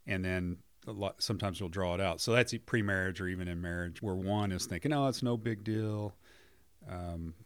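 A man with a very low, gravelly voice, speaking as a marriage counselor in an earnest, affirming way. The sound is close and dry, with no room echo. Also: fairly even intonation, a little fast, few pauses, fairly bright tone. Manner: earnest, affirming, many back-channel hums. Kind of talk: conversational podcast discussion.

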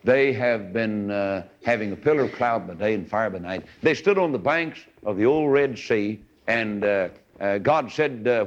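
A man's voice: fairly low pitch, moderate pace, few pauses. A man preaching a sermon in a folksy storytelling way, acting out the voices of the people in his story. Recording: dull lo-fi recording.

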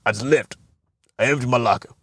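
A man's voice: mid-range voice, fast, husky, dry recording. A young man casually telling funny stories on a podcast, rambling, swearing and laughing at his own jokes, and often acting out other people's voices. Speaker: podcast host. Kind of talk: casual comedic monologue.

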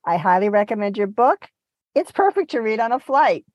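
A woman's voice: mid-range voice, sing-song, normal speed, darkish tone, dry recording, muffled recording. A woman hosting a travel podcast interview, giving short reactions and reading a scripted outro. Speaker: podcast host.

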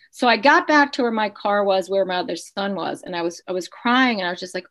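A woman's voice: medium pitch, a little fast, hardly any pauses, fairly bright tone. A woman in her fifties, a podcast guest, telling a painful personal story in an earnest, emotional way with frequent restarts.

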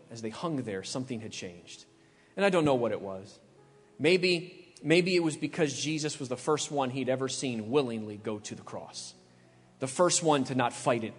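A man preaching a sermon, dramatic and slowing down for emphasis. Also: medium pitch. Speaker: pastor. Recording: long hall reverb with faint music.

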